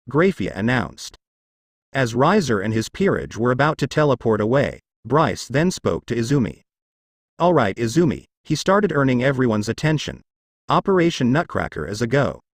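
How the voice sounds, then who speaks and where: This fanfiction reader handles the narration and all the characters' dialogue in his own voice, swinging widely in pitch at a moderate pace. The recording is dry and intimate, with no sense of the surrounding space.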